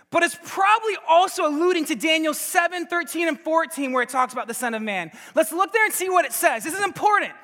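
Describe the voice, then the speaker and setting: Male preacher, bright and forceful tone, excitable delivery full of restarts, long hall echo. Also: extremely high pitch. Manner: energetic, laughing, stammering restarts. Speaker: pastor and Bible teacher. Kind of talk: sermon.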